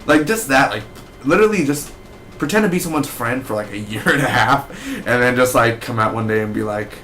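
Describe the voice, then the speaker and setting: A man giving a casual spoken review of a TV episode, rambling and excitable with lots of fillers. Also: medium pitch, brisk, slight background noise. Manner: rambling, excitable fan talk with many fillers.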